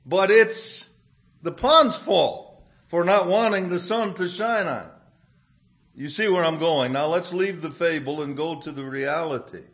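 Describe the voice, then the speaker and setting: A man preaching a sermon, telling a fable in a gentle storytelling manner before applying it to scripture. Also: on the high side, unhurried.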